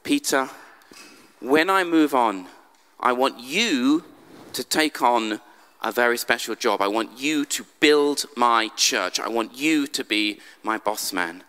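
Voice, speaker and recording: A man voicing a calm, gentle teacher who speaks quietly and tenderly. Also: mid-range voice, takes it slowly, smooth, in a large hall, voice pushed down.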